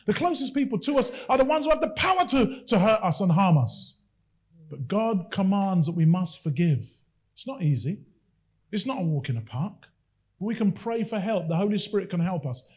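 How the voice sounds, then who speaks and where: A man's voice: sits high, darkish tone. A man preaching a sermon, impassioned and emphatic, with lots of repetition.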